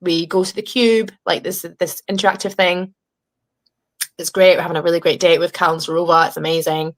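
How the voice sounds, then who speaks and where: As a guest in a casual interview from her home, a young English reality show contestant recounts her story, animated and swearing freely while voicing others' quoted words. Her voice is lowish and she talks a little fast.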